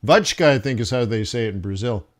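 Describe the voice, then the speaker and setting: A mid-range voice with lively intonation carries this slow, thoughtful trading commentary. Streaming forex live, he mulls over his charts and speaks to viewers as "guys."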